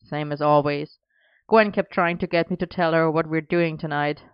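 A practical young man with a dry, matter-of-fact manner, voiced by a woman narrator. The voice is lowish and smooth, in a dull, lo-fi recording. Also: steady tone, normal speed, no echo, lightly acted.

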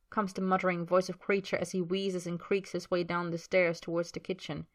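A woman narrating a story aloud in a measured, expressive reading. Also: on the low side.

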